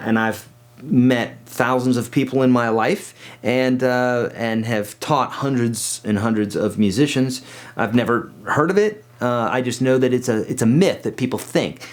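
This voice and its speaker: Chatty man teaching guitar. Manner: chatty, with frequent restarts and fillers; sings pitches to demonstrate. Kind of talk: casual video lesson. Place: home studio.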